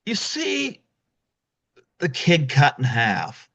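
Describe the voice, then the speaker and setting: A man's voice: a little high, huge pitch swings, very slow, gravelly, bright, forceful tone. A male podcast host in casual chat, animatedly retelling a film scene and acting out the quotes. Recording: dull lo-fi recording.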